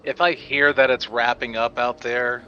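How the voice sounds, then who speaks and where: A man's voice: medium pitch, level tone, moderate pace, bright, forceful tone, highs cut off, slight background noise. A man playing a tabletop game who casually and tentatively asks the game master questions. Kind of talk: casual chat.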